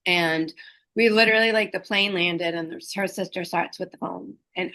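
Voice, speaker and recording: A middle-aged woman, a hospice liaison and educator, speaking gently and earnestly about caregiving, with pauses and fillers. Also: on the low side, steady tone. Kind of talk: reflective talk on caregiving.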